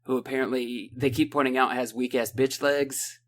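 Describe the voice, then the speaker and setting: A man with a lilt talks through a book plot in loose, casual podcast style. He rambles and piles on sarcasm, slipping into short impressions of the characters, all at an average pitch. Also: fairly even intonation. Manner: rambling, sarcastic, acts out characters in quick asides. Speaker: podcast co-host.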